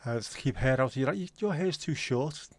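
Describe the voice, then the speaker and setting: A man hosts a relaxed live stream, answering viewer comments in friendly, teasing banter. His voice sits at an ordinary middle pitch, and the sound is close and dry with no room echo. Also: moderate pace. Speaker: livestream host. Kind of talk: casual chat reading out viewer comments.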